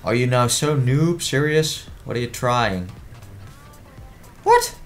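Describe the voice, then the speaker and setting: A man's voice: medium pitch, lively intonation, slow. Man, playful gameplay commentator, easily exasperated, faint music underneath. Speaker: gaming commentator.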